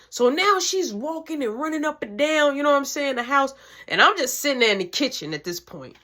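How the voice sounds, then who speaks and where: A woman's voice: on the high side, expressive, a little fast, bright, forceful tone. A young woman telling a family story in a casual, slangy, profane way, acting out the voices.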